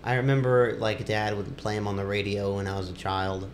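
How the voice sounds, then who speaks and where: A man's voice: on the low side, steady tone, a little fast, a little hiss or hum. A man co-hosting a podcast in loose, rambling casual chat, laughing easily. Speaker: podcast co-host.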